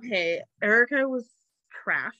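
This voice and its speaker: A woman's voice: fairly high pitch, animated, unhurried, bright, forceful tone, no room sound, highs cut off. A woman from the Southern Midwest hosting a podcast, sarcastic and laughing often in casual chat. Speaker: podcast host.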